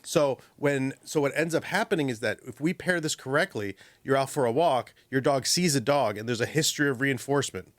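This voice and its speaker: Animated man giving dog-training advice. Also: medium pitch, no room sound. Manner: animated, acts out dogs and owners in quick voices. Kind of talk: radio call-in advice. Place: radio studio. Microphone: studio microphone.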